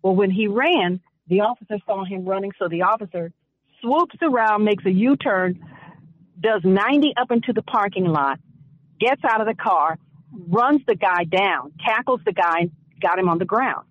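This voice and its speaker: A woman on a radio talk show giving impassioned commentary and telling a personal story, speaking emphatically and deliberately, with repeated phrases. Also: mid-range voice, expressive. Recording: dull lo-fi radio audio.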